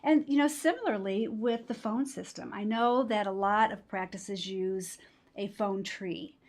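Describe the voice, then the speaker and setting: A woman's voice: mid-range voice, measured pace. A woman speaks in an interview as a workshop trainer. She explains her points with emphasis and acts out examples as she goes. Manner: emphatic, explanatory, with quoted voices. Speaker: patient-experience trainer. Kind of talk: interview conversation.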